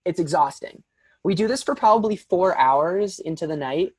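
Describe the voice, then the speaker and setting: Young man, podcast guest, casual animated storytelling, dry close sound. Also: high voice, moderate pace, breathy edge, no echo. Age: young adult. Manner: animated, filler-heavy, frequent "like".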